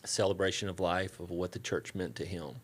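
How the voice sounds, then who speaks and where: Low-voiced Southern man telling stories. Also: brisk, slight background noise. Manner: relaxed, folksy anecdotes with quoted dialogue. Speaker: church staff guest. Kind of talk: casual storytelling interview.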